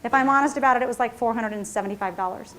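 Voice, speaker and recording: A middle-aged businesswoman telling a story at a seminar in a high, quick voice. She's chatty and self-mocking, laughing at her own mistakes and checking in with the audience as she goes. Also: a bit bright. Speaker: entrepreneur and CEO giving a seminar talk. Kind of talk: storytelling keynote talk.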